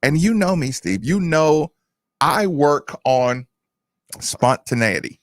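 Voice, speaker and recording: Sports radio host, man, slightly high voice, dry booth sound. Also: very animated, slow, no room sound. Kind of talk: casual sports radio chat.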